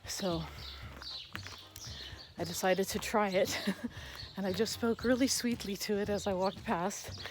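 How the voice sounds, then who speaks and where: A woman's voice: medium pitch, unhurried, background noise. A woman on a casual walking vlog, chatting outdoors with lots of "you know" fillers and delighted asides. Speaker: vlogger walking the Camino. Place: outdoors on a rural path.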